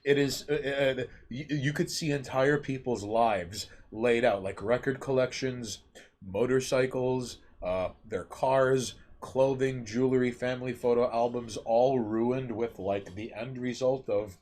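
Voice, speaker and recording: A man's voice: mid-range voice, steady tone, measured pace, a little mellow. A man, co-hosting a casual chat and telling stories with stammered restarts and swearing. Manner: stammering restarts, profane storytelling. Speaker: podcast co-host.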